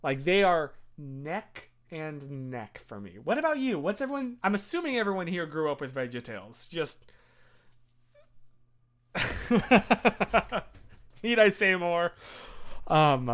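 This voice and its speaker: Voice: mid-range voice, big pitch swings, slow pace, pauses often, a bit bright. A streamer in their thirties chatting casually on a live stream, reading chat and rambling with many fillers and restarts.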